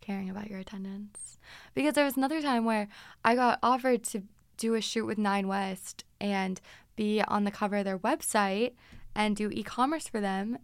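A woman's voice: a little high, clean tone, no echo, clean studio sound. A woman in her twenties casually telling stories from her teens as a podcast host, chatty and dramatic. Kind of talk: casual storytelling.

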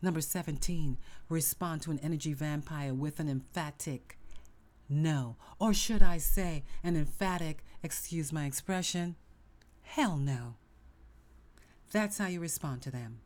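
A woman's voice: low-pitched, normal speed, few pauses, a little mellow. A middle-aged woman hosting a motivational self-help podcast, speaking emphatically with lots of repetition and sudden whispered asides. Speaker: podcast host.

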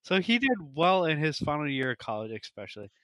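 A man co-hosting a casual fantasy football podcast, talking excitedly and rambling through player stats with lots of restarts. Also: a little high, fast, no room sound. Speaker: podcast co-host. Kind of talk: casual chat.

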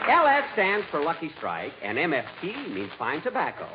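A man hosting a 1940s radio comedy, breezy, humming to himself and quick to comic exasperation. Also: fairly high pitch, huge pitch swings, lo-fi sound. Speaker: comedy show host. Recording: scratchy old radio recording with loud studio audience.

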